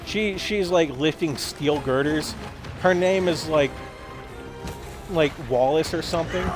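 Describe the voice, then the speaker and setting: Man rambling absurd deadpan story. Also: a little high, a little slow, music in the background. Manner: acts out quoted lines in voices. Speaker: gaming video host. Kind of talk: rambling comedic monologue while gaming.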